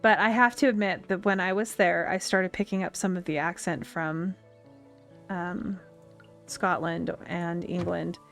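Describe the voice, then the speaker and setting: Faint game music plays behind a US woman streamer with a Western twang who talks casually and rambles as she plays. Her voice is fairly low, gravelly and a bit bright, with fairly even intonation and an unhurried pace.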